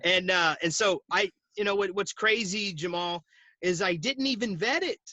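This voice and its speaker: Bright, high-voiced man telling a story. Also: moderate pace, muffled recording. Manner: animated storyteller, laughs often, acts out quoted dialogue. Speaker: guest, insurance agency owner. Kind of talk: storytelling interview. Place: at home. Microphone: video call.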